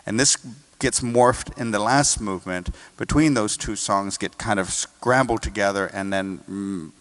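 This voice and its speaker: Guest-conducting a symphony, an American man with a low, deep, fairly bright voice explains the music in an interview at a measured pace. He sings and hums snatches of melody to show listeners what they'll hear.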